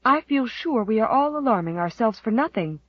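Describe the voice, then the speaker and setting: A woman's voice: on the high side, animated, moderate pace, no echo, lo-fi sound. A woman voicing an anxious young mother in an audiobook, speaking with strained composure. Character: anxious young mother trying to stay calm. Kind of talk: audiobook character voice.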